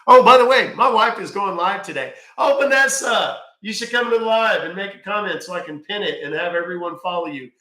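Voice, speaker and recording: A man's voice: high-pitched, brisk, hardly any pauses, pushed and bright, echoey room. A man hosting a casual live stream from home, rambling, thanking viewers by name and swearing offhand. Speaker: live-stream scambaiter host.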